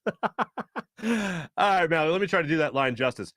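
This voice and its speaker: Chatty sports show host, close and dry. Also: male voice, on the high side, expressive, brisk, fairly bright tone, no echo. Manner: chatty, jokey, hums filler tunes and tries celebrity impressions. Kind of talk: casual live-stream chat reading viewer comments.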